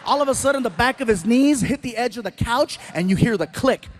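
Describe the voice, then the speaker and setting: A male stand-up comedian tells a self-mocking story in an animated way, jumping into voices as he goes. His voice sits unusually high for a man. Faint ambience from the live venue carries behind him. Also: fairly quick, slight background noise.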